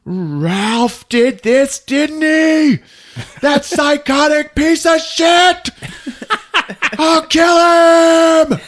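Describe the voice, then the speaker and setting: A man voicing an enraged adult man, a bullying father who shouts and snarls threats. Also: fairly low pitch, very animated, slow pace, breathy edge, full character voice. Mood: furious.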